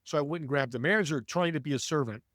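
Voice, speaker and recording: Animated storytelling man, dry mic. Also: a little high, quick pace, no room sound. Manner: animated, acts out voices in anecdotes. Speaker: guest. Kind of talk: storytelling interview talk.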